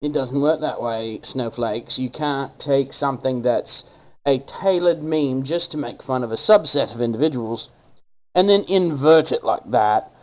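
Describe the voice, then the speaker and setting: A man's voice: mid-range voice, unhurried, darkish tone, low-quality recording. Sarcastic man ranting on commentary. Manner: sarcastic, mocking, puts on a gravelly accent. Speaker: online commentary host.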